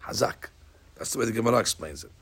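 A man teaching a Talmud class, telling stories in an animated way and acting out the lines. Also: medium pitch, quick pace, breathy edge. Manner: animated storyteller, acting out lines with rising shouts. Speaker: Torah teacher.

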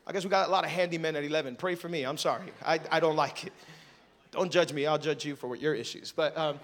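Animated, bright-voiced male pastor preaching. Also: fairly high pitch, quick pace. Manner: joking, animated storytelling to a congregation; acts out quoted voices while preaching. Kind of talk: sermon.

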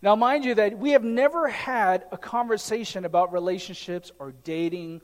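A man's voice: sits high, normal speed. A middle-aged male pastor preaching a conversational sermon with joking asides to the congregation. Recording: long reverb of a large hall.

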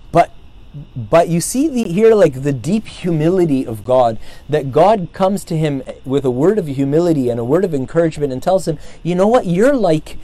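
A man's voice: a little high, warm tone, dry recording. A man casually retelling a saint's life, rambling, with many fillers and restarts. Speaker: storyteller.

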